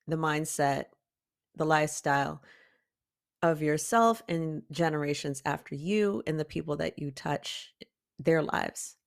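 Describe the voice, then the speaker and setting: Slow-talking woman giving a motivational talk. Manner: emphatic and preachy, calls listeners "baby cakes"; slow, drawn-out delivery with sudden high emphatic rises. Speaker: art coach and podcast host.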